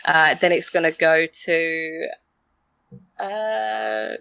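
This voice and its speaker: A woman's voice: fairly low pitch, very slow, gravelly, pushed and bright, clean tone, no echo. A woman in her thirties from Australia, with a mixed Australian, English and Canadian accent, chatting casually on a podcast with lots of fillers and laughs. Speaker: podcast co-host.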